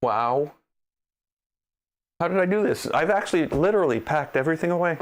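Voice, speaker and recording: A man hosting a maker livestream, chatting casually and telling stories with an animated, ranting manner. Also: fairly high pitch, moderate pace, a little hiss or hum.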